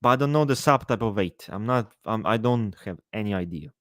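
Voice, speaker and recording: A man chatting casually on a live stream, answering his chat in a profane, rambling, animated way. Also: on the low side, fairly quick, no echo, clean studio sound.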